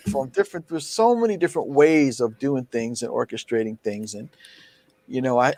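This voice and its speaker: A man telling a story at a drum clinic in a casual, animated way, acting out quoted speech. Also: on the high side, no echo. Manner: animated, laughs often, acts out quoted speech.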